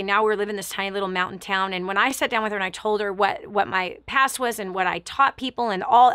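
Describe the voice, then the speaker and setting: A woman's voice: mid-range voice, bright, forceful tone, no room sound, studio quality. A woman hosting a talk show, telling a personal story with emphatic, repeated phrases and acting out what others said. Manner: acts out other people's words in her story. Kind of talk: motivational radio monologue.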